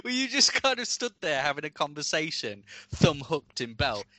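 A man's voice: on the high side, very animated, moderate pace, sharp tone, no room sound. A man in casual podcast chat, teasing and giggly. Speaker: podcast co-host.

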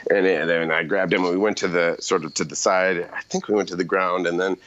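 Deep-voiced middle-aged man spinning a loose, laughing anecdote for a podcast. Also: fairly even intonation, brisk, fairly bright tone, muffled recording. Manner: rambling, self-correcting, laughing anecdotes. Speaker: podcast storyteller. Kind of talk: casual storytelling chat.

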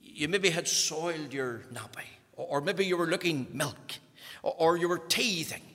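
A man with a Northern Irish accent preaching a sermon, animated and swinging from loud emphasis to near-whispers. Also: a little high, normal speed. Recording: echoey hall with long reverb.

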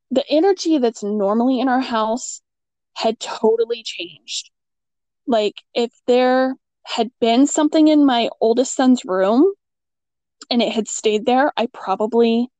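A middle-aged woman with a somewhat high voice tells a personal story in relaxed conversation. She gets animated, jumping up in pitch when she acts out what she said. The sound is close and dry, with no room around it. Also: no echo. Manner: animated, acts out quotes with big pitch jumps and laughs. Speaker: guest telling a ghost story. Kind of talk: casual storytelling chat.

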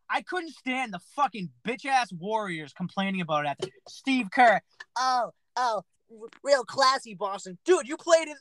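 A man co-hosting a sports podcast, ranting in an animated, profane way. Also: high-pitched, dry recording, rough recording. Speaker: podcast co-host. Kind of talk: casual sports chat.

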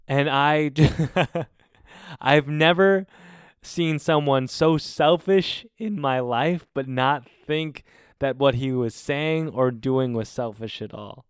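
A man in his twenties telling a story casually, in an animated and exasperated way with plenty of swearing. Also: medium pitch, takes it slowly, clear, resonant tone, no echo, studio quality. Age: 20s. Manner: animated, profane, exasperated retelling. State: recovering from covid.

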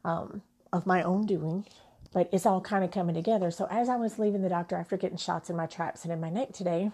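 Husky, gravelly-voiced woman telling a heartfelt story. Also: on the low side, fast talker, mellow. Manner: earnest, heartfelt, with restarts. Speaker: vlogger. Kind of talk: personal storytelling to camera.

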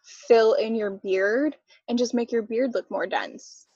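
A woman co-hosting a podcast, chatting casually and relaxed, laughing easily. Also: on the high side, takes it slowly, husky, no echo, dull audio. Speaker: podcast co-host. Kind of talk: casual chat.

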